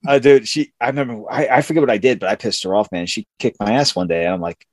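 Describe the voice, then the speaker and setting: A man in a casual, profane chat, telling a school story in a laid-back, expressive way. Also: mid-range voice, fast, dry recording, studio quality.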